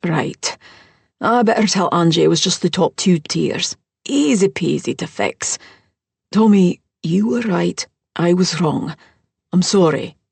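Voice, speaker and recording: Lady reading a sorry earnest guy, low raspy voice, dry sound. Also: expressive, a little slow, dry recording, heavily acted. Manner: earnest, apologetic. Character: remorseful man, earnest and apologetic. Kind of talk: audiobook character voice.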